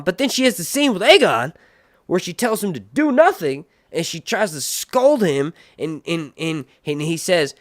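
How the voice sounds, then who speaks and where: Male stream host, rambling and crude, lively up-and-down delivery, slightly high voice. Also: normal speed, dry recording, clean studio sound. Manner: rambling, crude joking, goes off on tangents. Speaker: host of a TV show review stream. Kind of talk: casual live-stream chat.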